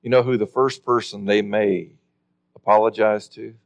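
A man's voice: lowish voice, fairly even intonation, lo-fi sound. Earnest male preacher delivering a sermon. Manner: earnest, emphatic, slows down to stress key words.

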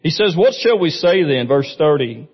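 A man preaches a sermon in a church, his voice a little higher than most men's. He talks in a plain, conversational way and keeps putting questions to the congregation. The recording sounds muffled, and a long reverb trails off in the hall. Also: lively intonation, normal speed, breathy edge. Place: church sanctuary.

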